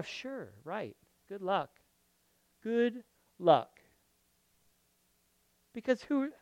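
A man preaching a sermon. He speaks expressively, repeats phrases for emphasis, and swings from loud declarations to near whispers. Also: extremely high pitch, clear, resonant tone, dry recording. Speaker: pastor.

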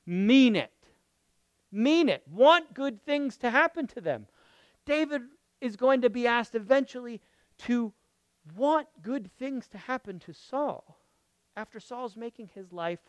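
A man preaching a sermon. He speaks expressively, repeats phrases for emphasis, and swings from loud declarations to near whispers. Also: very high voice, expressive, slow, pauses often, dry recording. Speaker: pastor.

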